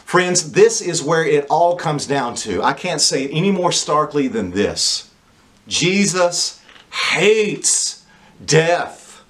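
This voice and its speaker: A man preaching a sermon, asking the congregation rhetorical questions and pausing for emphasis. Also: on the high side, lively intonation, a bit bright.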